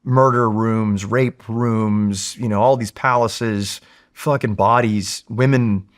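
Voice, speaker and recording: A man in his forties, a Marine veteran, telling stories in a casual, candid, animated way with frequent fillers and swearing. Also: on the low side, takes it slowly. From California. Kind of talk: casual storytelling in a long-form interview.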